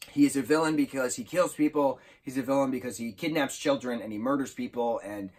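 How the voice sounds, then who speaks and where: A man talks through a book review in a loose, enthusiastic ramble, catching and fixing his words as he goes. His voice sits at a middling pitch with a husky edge. It sounds like an informal chat rather than a script. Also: moderate pace, darkish tone. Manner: enthusiastic, rambling, with self-corrections. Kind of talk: casual spoken book review.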